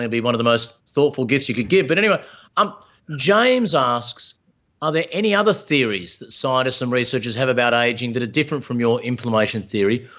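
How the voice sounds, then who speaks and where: A man's voice: mid-range voice, a bit bright, muffled recording. Host in his fifties, reading questions. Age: 50s. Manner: friendly, reads out viewer questions. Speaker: event host. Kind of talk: moderating a live Q&A.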